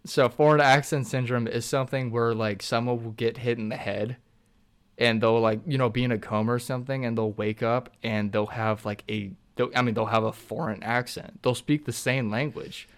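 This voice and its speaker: A man's voice: mid-range voice, steady tone, moderate pace, clear, resonant tone. Laid-back young man, podcast co-host. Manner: laid-back, agreeing, explaining. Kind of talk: casual chat.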